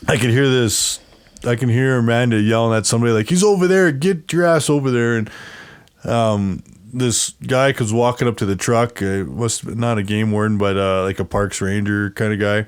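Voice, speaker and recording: This man's voice is lowish and smooth, with a level tone at normal speed. He's an interview guest telling a long story casually, rambling, acting out other people's lines and laughing a lot.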